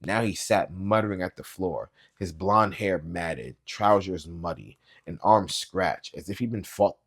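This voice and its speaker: A man reading a novel aloud as a booktube reader, with quiet, low-key, even narration. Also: measured pace, slightly rough.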